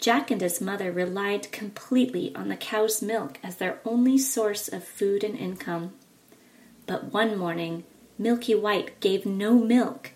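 A woman reading a traditional fairy tale aloud for children, expressive and sing-song in her telling. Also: medium pitch. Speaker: storyteller.

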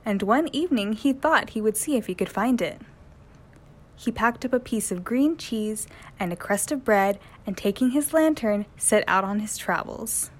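A woman reading a children's story aloud in a gentle, clear manner as the storyteller. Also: fairly high pitch.

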